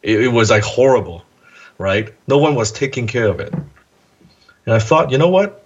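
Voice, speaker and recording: A man, a guest in an interview, tells a story from his past in a casual, animated way, acting out the voices he quotes and swearing now and then. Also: on the low side, measured pace, husky, lo-fi sound. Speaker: guest entrepreneur.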